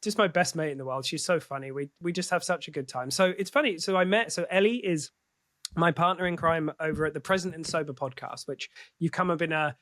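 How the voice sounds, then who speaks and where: Candid man, rather high voice. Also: fairly bright tone, no echo. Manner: candid, swears freely, halting restarts. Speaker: podcast guest. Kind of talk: casual conversation.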